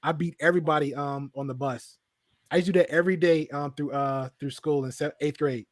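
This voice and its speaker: A man's voice: on the high side, steady tone, a little fast, no room sound, clean studio sound. A man with a faint Southern drawl, telling stories in casual chat. He acts out quotes and swears freely. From American South.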